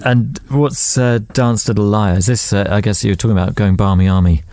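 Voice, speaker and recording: A man's voice: on the low side, steady tone, brisk, warm tone, dry recording. A man interviewing a musician in easygoing casual chat, asking questions.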